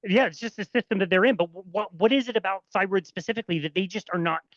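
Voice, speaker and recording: A man's voice: sits high, fast, fairly bright tone, no room sound, dull audio. A man hosting a podcast interview, asking questions politely and respectfully. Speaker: podcast host.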